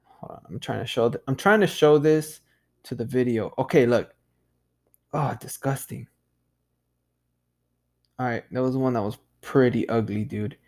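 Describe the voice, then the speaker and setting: Male podcast host, casual solo monologue, unhurried delivery, swears freely and calls everyone "dude". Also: mid-range voice, darkish tone. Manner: loose and profane, peppered with "dude"; laughs at himself.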